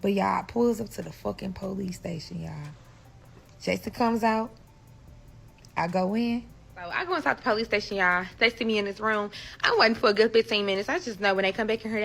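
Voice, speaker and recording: A woman from St. Louis telling a personal story to her viewers in a casual storytime vlog, animated and full of profanity. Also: mid-range voice, gravelly. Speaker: storyteller vlogger.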